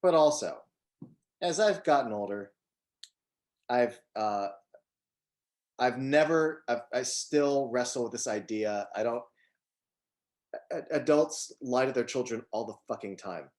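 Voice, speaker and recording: A man's voice: mid-range voice, unhurried, pauses often, darkish tone. Blunt, argumentative man co-host. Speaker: podcast co-host. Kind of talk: casual chat.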